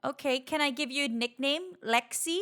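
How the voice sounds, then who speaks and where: A woman teasing an AI character in a playful chat, trolling it in a deadpan way. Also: high voice, normal speed, no room sound, clean studio sound. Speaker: user chatting with an AI character.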